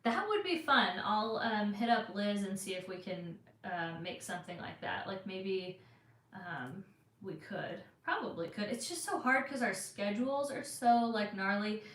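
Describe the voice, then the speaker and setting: A woman's voice: mid-range voice, measured pace, fairly bright tone. Chatty Californian woman, echoey room. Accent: Southern Californian. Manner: chatty, rambling, many fillers. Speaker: vlogger answering live chat. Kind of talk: casual live-stream chat.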